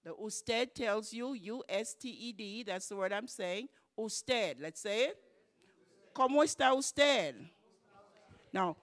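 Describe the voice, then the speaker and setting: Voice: medium pitch, fairly bright tone. Patient church Spanish teacher who spells words out and repeats phrases, livens up in examples. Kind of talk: church class lesson. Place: church classroom.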